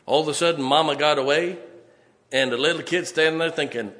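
A man preaching a fiery, folksy sermon, building emphatically to loud peaks. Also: fairly high pitch, a little fast. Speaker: pastor. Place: church sanctuary.

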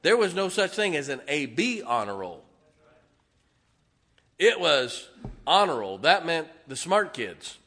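A male preacher with a drawl delivers his sermon in a forceful, bright-edged voice pitched a little above the usual. He talks folksy and emphatic, tossing jokes between his points. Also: very animated, a little slow, long pauses.

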